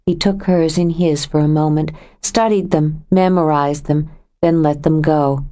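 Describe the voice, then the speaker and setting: A woman reading a novel aloud as an audiobook narrator, in measured, even storytelling. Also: low-pitched. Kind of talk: scripted narration.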